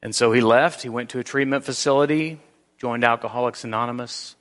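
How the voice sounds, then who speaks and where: A man preaching a sermon in a church, earnest, with slow emphatic phrases and frequent restarts. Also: medium pitch, fairly even intonation, fairly bright tone. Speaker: pastor. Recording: long reverb of a large hall.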